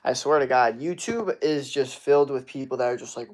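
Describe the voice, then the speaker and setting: A man with a mid-range, brisk, slightly mellow voice coaches fitness online during a laid-back livestream. Responding to chat, he goes on a profane, aggressive, blunt rant, cursing nearly every line amid lots of fillers and restarts.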